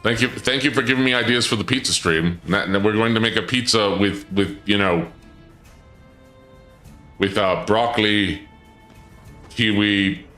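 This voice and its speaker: A man live-streaming, chatting with his viewers in an excitable, stammering way, his voice often leaping up when surprised. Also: fairly low pitch, a little slow, pauses often. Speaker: livestreamer. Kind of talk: live-stream chat banter. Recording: echoey room with game music behind.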